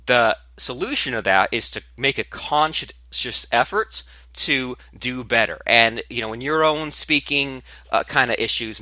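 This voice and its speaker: A man hosting his own podcast, talking candidly and with animated emphasis about his own speaking habits. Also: lowish voice, no echo. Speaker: podcast host. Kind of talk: solo podcast monologue.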